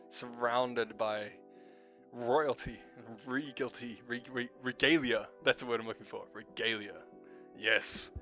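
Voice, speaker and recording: A man's voice: medium pitch, fairly bright tone. A young man with a New Zealand accent, hosting a casual late-night stream chat, swearing freely, laughing often and musing about life. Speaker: stream host.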